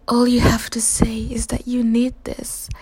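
A woman's voice: fairly high pitch, completely flat delivery, unhurried, darkish tone, husky. A woman speaking a teasing, dominant whispered role-play straight to the listener, often dropping into an unvoiced whisper. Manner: teasing, dominant, intimate second-person address.

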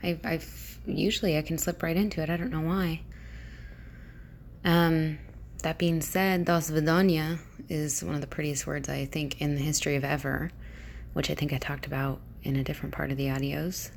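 A woman speaks in a relaxed, rambling monologue, pausing often with fillers and now and then dropping to a whisper. Her voice is low with a gravelly edge. Her tone stays unpolished and chatty. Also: slight background noise. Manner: hesitant, with many fillers, sometimes dropping to a whisper. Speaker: vlogger.

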